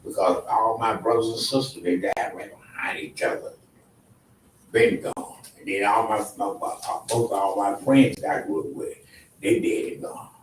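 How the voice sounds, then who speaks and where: A man's voice: fairly low pitch, normal speed, far from the mic. A man in his seventies sharing in a group, speaking in a plain, informal and grateful way. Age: 70s. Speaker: group participant. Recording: echoey room, off-mic, faint noise.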